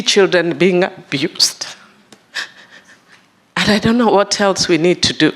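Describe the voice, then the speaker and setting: A middle-aged Kenyan woman, a member of parliament, giving an emotional, halting public speech. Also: fairly low pitch. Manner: emotional, halting, apologizes for her feelings. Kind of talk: public speech at a side event. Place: conference room.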